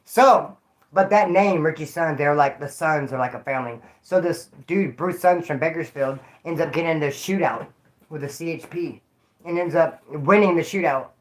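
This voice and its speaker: A man from California hosting his own channel, chatting casually in rambling street slang with loud shout-outs to viewers. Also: a little high, normal speed. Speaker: YouTube channel host. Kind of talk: casual livestream chat.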